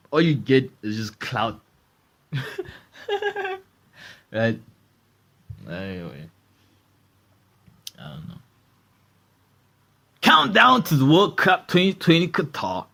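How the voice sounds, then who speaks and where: A man hosting a comedy podcast, ranting in a loose, animated way and swearing a lot. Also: mid-range voice. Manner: animated, swearing, keeps asking "right?". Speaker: podcast host. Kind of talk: comedy rant.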